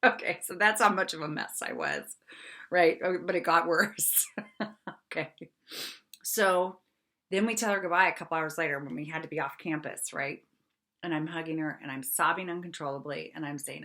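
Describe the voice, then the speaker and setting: A middle-aged woman hosting a podcast, telling a personal story in a lively, chatty way, laughing often and checking in with her listeners. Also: deep voice, normal speed. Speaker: podcast host.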